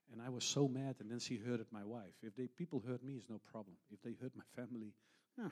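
A middle-aged man preaching a heartfelt sermon, telling stories in an earnest, unhurried way. His English has non-native phrasing and he often restarts his words. His pitch sits in an ordinary middle range. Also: darkish tone. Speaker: missionary pastor.

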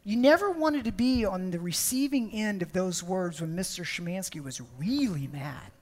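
A woman's voice: mid-range voice, expressive, moderate pace, a little mellow. Lady preacher telling stories in a sermon, emphatic, stumbles and repeats words a lot.

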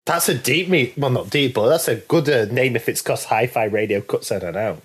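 A man's voice: medium pitch, moderate pace, husky. A man in a casual podcast chat, rambling and hesitant with frequent ums. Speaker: podcast co-host.

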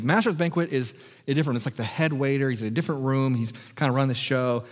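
An American pastor preaches in a relaxed, conversational style, cracking small jokes and often restarting phrases, his voice sitting mid-range for a man and racing along. A long reverb carries his sermon through the church sanctuary.

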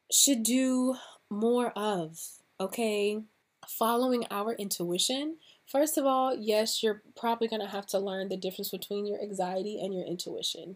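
Encouraging woman hosting a podcast. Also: mid-range voice. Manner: encouraging, speaks directly to listeners; relaxed, with fillers like "um" and "like". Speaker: podcast host and coach. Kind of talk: casual podcast monologue.

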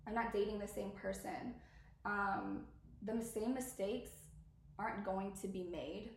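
A woman's voice: mid-range voice, animated, a little slow, vocal fry, reverberant, slight background noise. A woman in her thirties hosting a podcast, chatting candidly and rambling, swearing freely, her throat irritated by allergies. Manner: rambling, confiding, swears freely, talks straight to listeners. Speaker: podcast host. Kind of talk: candid casual chat.

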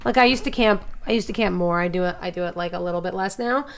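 A woman from New York in her thirties with a New York accent, an actress and comedian chatting as a podcast guest, animated and full of stories. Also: on the low side, vocal fry. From New York, Long Island. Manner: animated storyteller, quick restarts and voices. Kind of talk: casual podcast chat.

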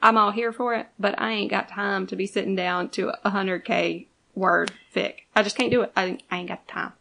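A woman co-hosting a podcast in casual chat, blunt and deadpan in manner. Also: mid-range voice, brisk, gravelly, slight background noise. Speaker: podcast co-host.

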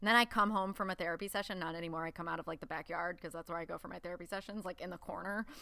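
A woman's voice: fairly low pitch, fairly even intonation, rapid-fire, gravelly, sharp tone, no room sound. A young woman co-hosting a podcast, chatting candidly and swearing freely, often laughing. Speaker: podcast co-host. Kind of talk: casual chat.

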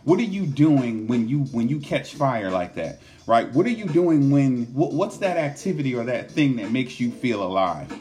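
A man's voice: medium pitch, big pitch swings, normal speed, hardly any pauses, darkish tone. A man giving an earnest motivational self-help talk, often repeating words and tagging his points with "right?". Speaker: motivational speaker.

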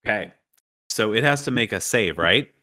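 A man running a tabletop game as game master, narrating and fielding players' questions in a quick, chatty way. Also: on the low side, expressive, pushed and bright.

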